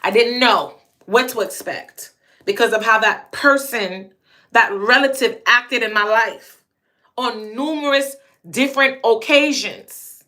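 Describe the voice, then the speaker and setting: A woman's voice: fairly high pitch, takes it slowly, pushed and bright. A young adult woman vlogger telling a personal story to camera in a blunt, emphatic way, often stuttering through repeated words.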